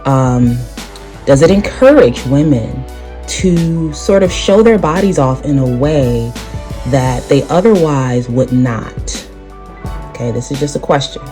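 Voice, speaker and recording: A woman with a low, mellow voice hosts her commentary vlog. She speaks in a measured way and poses questions straight to her viewers, with soft music faint behind her. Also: lively intonation. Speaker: channel host.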